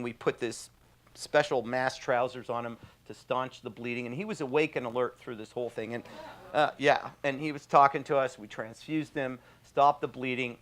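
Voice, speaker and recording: A man tells a story in an easy, rambling way. His voice sits in a middle pitch, and he fills his talk with ums and chuckles. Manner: animated anecdote with frequent fillers and laughs. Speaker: trauma surgeon guest. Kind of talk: casual storytelling.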